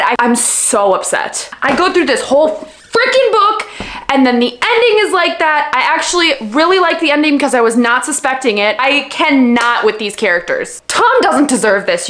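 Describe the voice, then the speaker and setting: A woman book vlogger in a casual, animated rant, exasperated and emphatic, repeating words for effect. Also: sits high. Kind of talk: casual reading vlog rant. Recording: echoey room with faint music.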